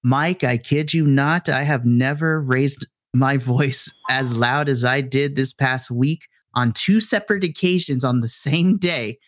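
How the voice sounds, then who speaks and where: A man, a middle school teacher, co-hosting a casual podcast chat and telling a classroom story in an animated, blunt, frustrated way. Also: medium pitch, measured pace, few pauses, dry recording, studio quality.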